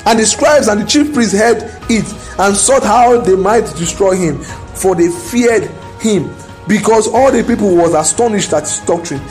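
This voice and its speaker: A man preaching a sermon, emphatic and building to loud declarations. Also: sits high, moderate pace, faint music behind.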